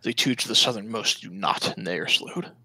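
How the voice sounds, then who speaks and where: A man's voice: lowish voice, brisk, bright, forceful tone, husky, no room sound, poor audio. A man narrating a tabletop role-playing game as dungeon master, describing scenes and calling turns.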